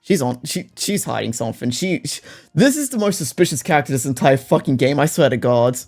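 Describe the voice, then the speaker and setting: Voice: medium pitch, lively intonation, darkish tone, slightly rough. A streamer playing a detective game, reading the text aloud and ranting at the characters with plenty of swearing and laughter. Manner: heated and profane, quick to rant at characters; breaks into laughter between rants. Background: faint background music.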